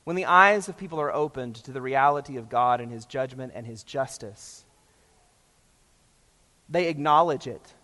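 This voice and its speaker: A man preaching a sermon, passionate and emphatic, swinging between loud and hushed. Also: medium pitch, moderate pace, long pauses, big-room sound. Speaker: pastor.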